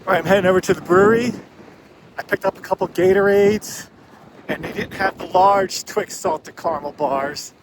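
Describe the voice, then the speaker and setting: A man narrating a casual travel vlog in a relaxed, rambling way while running errands. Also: sits high, normal speed. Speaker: thru-hiker vlogger. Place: outdoors in a town. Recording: outdoor street noise.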